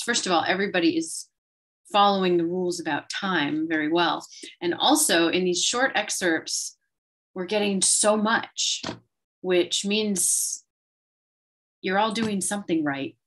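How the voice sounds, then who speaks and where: A woman with a lowish voice hosts a student reading at a slow, unhurried pace. She introduces the next readers with encouraging remarks and the odd filler. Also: fairly bright tone.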